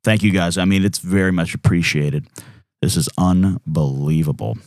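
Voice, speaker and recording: A man co-hosting a podcast in casual chat, reading listener comments in a jokey, animated way with many restarts. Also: low-pitched, normal speed, no echo, clean studio sound. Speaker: podcast co-host.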